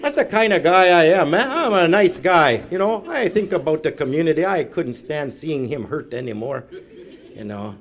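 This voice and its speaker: A man's voice: on the high side, lively intonation, normal speed, slight background noise. A middle-aged man doing stand-up storytelling, rambling and self-mocking, tagging "eh" onto his lines. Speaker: comedian. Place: live event room.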